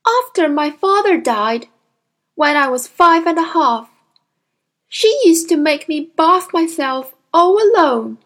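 A woman voicing a kind, timid young woman teacher who speaks softly and apologetically in a storybook reading. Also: high voice, lively intonation, slow pace, voice pushed up, exaggerated voice. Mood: gentle. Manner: soft, gentle, apologetic.

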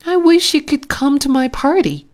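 A woman voicing an eager eight-year-old boy in a read-aloud storybook, in a bright, raised voice. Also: sits high, animated, normal speed, voice pushed up. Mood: excited.

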